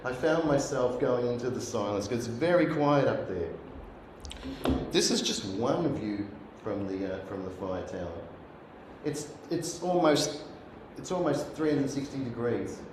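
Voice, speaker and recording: This middle-aged guest speaker has a medium pitch, lively intonation, and a measured pace. He earnestly recounts a sermon as his own story, voicing the people he remembers. The church hall gives a roomy echo and a faint room hiss.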